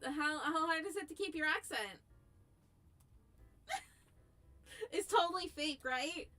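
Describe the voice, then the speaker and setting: High-voiced, giggly woman streamer. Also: extremely slow, pauses often, sharp tone, soft background music. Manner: giggly, rambling, self-interrupting. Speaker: VTuber streamer. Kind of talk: casual live-stream chat.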